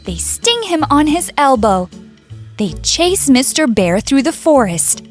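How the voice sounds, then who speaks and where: A woman narrating a children's fable in an expressive read-aloud style. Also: sits high, a little slow, faint music behind. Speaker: storyteller. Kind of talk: scripted storybook narration.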